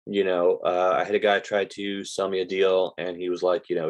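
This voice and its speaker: A man's voice: low-pitched, level tone, a little fast, hardly any pauses. An older American man teaching real estate investing in a casual live stream, telling stories and quoting conversations with sellers. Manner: chatty storyteller, quoting conversations, says "like" a lot.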